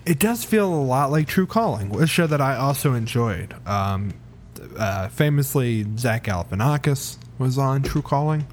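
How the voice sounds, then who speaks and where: Male co-host, mid-pitched, rambling and digressive in casual chat. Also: expressive, normal speed, a little hiss or hum. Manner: rambling, loses his thread. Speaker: podcast co-host. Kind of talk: casual chat about TV shows.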